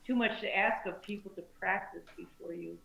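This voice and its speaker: A woman with laryngitis, hoarse, chatting and laughing self-deprecatingly on a video call with her ukulele group. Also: medium pitch, moderate pace, pushed and bright, a little hiss or hum. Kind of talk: casual video-call chat. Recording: echoey room on a video call.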